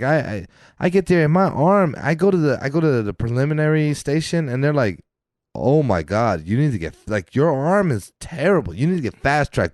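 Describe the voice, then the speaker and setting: A man's voice: on the low side, no echo, studio quality. A man co-hosting a podcast in casual chat, telling stories with plenty of swearing and laughter. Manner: animated storyteller, swears freely, laughs often. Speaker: podcast co-host. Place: podcast studio.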